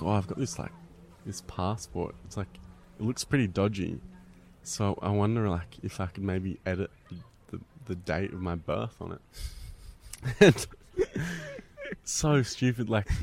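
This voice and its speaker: Young male guest, deep low register, relaxed and self-deprecating. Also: measured pace, creaky, a little hiss or hum. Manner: laid-back, self-mocking. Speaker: podcast guest. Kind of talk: casual chat.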